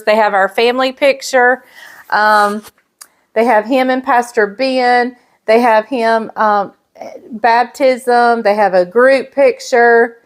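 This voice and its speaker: A middle-aged woman, chatting casually and emotionally as she shows off gifts in a vlog. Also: fairly high pitch. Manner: gushing, emotional, chatty with fillers. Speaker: pastor's wife and vlogger. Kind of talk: casual show-and-tell chat.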